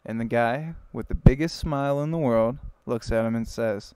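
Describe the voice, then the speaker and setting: A man's voice: mid-range voice, moderate pace, mellow, clear, resonant tone, dry recording, low-quality recording. Rambling young male streamer. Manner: rambling, self-interrupting storyteller. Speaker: livestreamer. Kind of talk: casual joke telling on a live stream.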